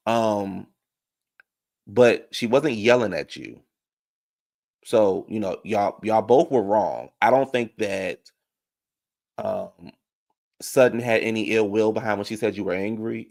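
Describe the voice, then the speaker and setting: Gravelly low-voiced man chatting on stream. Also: a little slow, long pauses, darkish tone. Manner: chatty, opinionated, talks to viewers directly. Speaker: reality TV commentator reading live chat. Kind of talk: casual live-stream commentary.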